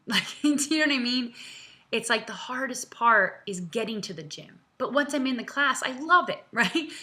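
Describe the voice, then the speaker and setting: A woman's voice: medium pitch, sharp tone. A woman in her thirties talking from home in a vlog, answering viewers in a chatty, earnest way with many fillers and laughs, close to tears. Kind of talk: casual, heartfelt direct-to-camera talk.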